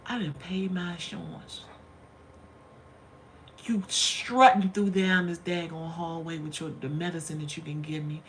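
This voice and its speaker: A woman's voice: lowish voice, fairly even intonation, a little slow, a little hiss or hum. A middle-aged woman hosting a casual livestream from home, telling stories in a chatty way and calling her viewers honey and y'all. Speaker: livestream host.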